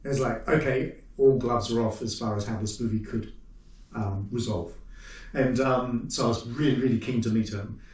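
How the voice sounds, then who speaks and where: A man with a New Zealand accent, a puppet maker chatting as the guest in an interview, telling stories lively and acting out what people said. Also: mid-range voice, normal speed. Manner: animated storyteller who acts out quoted remarks. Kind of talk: casual interview chat. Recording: roomy sound from a distant mic.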